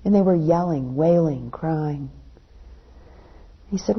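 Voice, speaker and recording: Low husky woman telling a dharma story. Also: highs cut off. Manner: unhurried storytelling, drops softly at ends of phrases. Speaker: meditation teacher.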